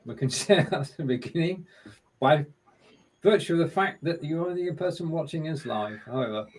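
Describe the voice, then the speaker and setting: A man's voice: on the high side, a little fast, rough recording. A man co-hosting a casual live-stream show, chatting in a friendly, upbeat way as he runs a quiz and mutters to himself while working the screen share.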